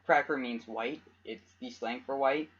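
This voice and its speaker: A young man co-hosting a podcast in casual chat, wisecracking and quick to laugh. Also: mid-range voice, fairly bright tone, slightly rough, muffled recording. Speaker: podcast co-host.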